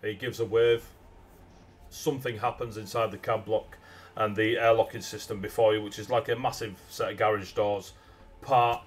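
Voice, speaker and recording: A man's voice: lowish voice, steady tone, normal speed, slightly rough. A man narrating a tabletop game as game master, rambling with many ums and uhs over a video call mic.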